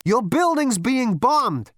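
A man voicing a brash, excitable male ex-president of the galaxy, loud, jumpy and wisecracking. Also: fairly high pitch, unhurried, no echo, clean studio sound, pitched above the performer's own voice. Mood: excited alarm.

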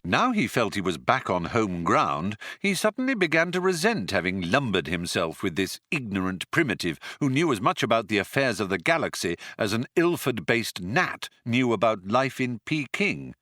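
A man's voice: fairly low pitch, big pitch swings, normal speed, few pauses, pushed and bright, no room sound. A man narrating an audiobook in a dry, wry storytelling manner. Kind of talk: scripted narration.

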